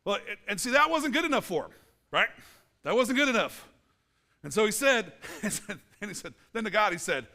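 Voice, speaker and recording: A man's voice: sits high, a little fast, vocal fry. A male pastor preaching a casual, playful sermon in church, acting out little scenes. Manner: animated, playful, acts out little scenes and quotes.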